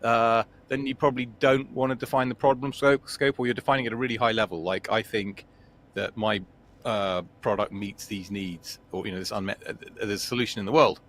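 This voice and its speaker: A man's voice: on the low side, fairly even intonation, a little fast, a bit bright. Joking man riffing on a livestream. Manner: joking, thinking aloud, hedging. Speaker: guest expert, regular. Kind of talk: casual live Q&A stream.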